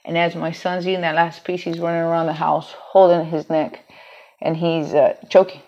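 A woman's voice: fairly low pitch, flat delivery, normal speed, a little mellow. A woman telling a personal story in a candid, rambling way, swearing freely and restarting her sentences. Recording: dull lo-fi home recording.

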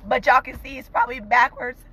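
A high-pitched woman speaks to her viewers from a car while crying. Her talk is fervent and tearful, and she keeps repeating encouraging phrases. She sounds like a mother sharing family news in a casual vlog. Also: big pitch swings, fairly quick, sharp tone, husky, poor audio. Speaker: vlogger, mother of two young entrepreneurs. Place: inside a parked car.

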